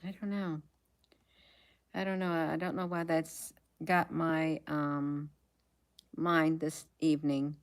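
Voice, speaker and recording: She speaks slowly in a low voice that barely moves in pitch, leaving long pauses. An American woman on a casual livestream, she reads headlines aloud, muses quietly to herself, and often trails off with ums.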